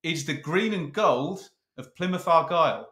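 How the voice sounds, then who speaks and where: A man's voice: fairly high pitch, sharp tone, echoey room. Teasing man hosting a kit ranking. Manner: playful, teasing, brisk. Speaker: host. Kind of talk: casual chat ranking football kits.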